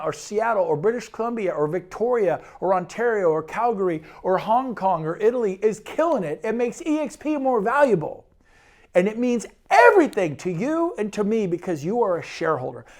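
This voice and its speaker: A man, a real estate broker, giving an enthusiastic and persuasive sales pitch presentation. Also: darkish tone. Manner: enthusiastic, persuasive, rapid lists.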